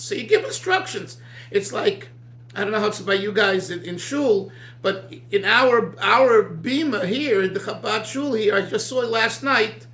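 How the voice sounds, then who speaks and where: A man teaching an informal Torah class as a rabbi, talking in an animated, digressive way with many restarts. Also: high-pitched, reverberant.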